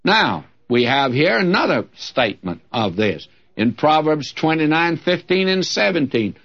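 Older preacher guy, folksy and joking, voice jumps all over, slightly high, muffled old tape. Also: a little slow, few pauses. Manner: folksy, lively preaching with humor and scripture quotes. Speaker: pastor. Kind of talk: sermon. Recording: dull lo-fi old recording.

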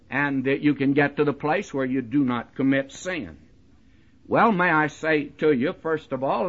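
A man's voice: fairly high pitch, a bit bright. A man preaching a verse-by-verse Bible teaching, talking straight to his listeners and hitting key words hard. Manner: conversational, addresses listeners directly with "you see" and "my friend"; emphatic, leans into key words. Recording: dull lo-fi recording.

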